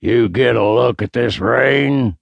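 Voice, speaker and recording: A man voicing a loud, raspy, mocking father in his sixties who speaks with contempt in a bass roar. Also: unhurried, dry recording. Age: 60s. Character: loud raspy bully father, sixty-eight.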